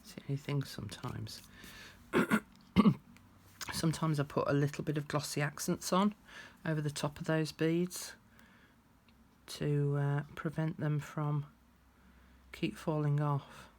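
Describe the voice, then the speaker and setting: A woman's voice: sits low, fairly even intonation, a little slow, pauses often, darkish tone. A woman chatting casually through a craft tutorial, thinking aloud as she works.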